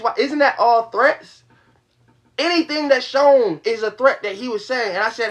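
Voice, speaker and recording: A man's voice: very high voice, normal speed, a bit bright. A young man venting to his livestream audience in a heated, profane rush, repeating his points. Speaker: livestream host. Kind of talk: venting to a live stream audience.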